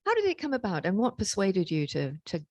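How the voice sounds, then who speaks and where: A woman's voice: mid-range voice, huge pitch swings, fairly quick, darkish tone, dry recording. A woman moderating a panel who strings several probing questions together. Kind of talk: interview questions.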